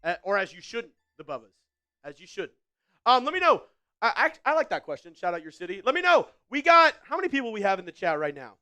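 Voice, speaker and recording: A man's voice: high voice, very animated, brisk, pushed and bright, clean tone. A man hosting a live football watch party in upbeat, casual chat, reading out viewer comments with frequent fillers and repeated phrases.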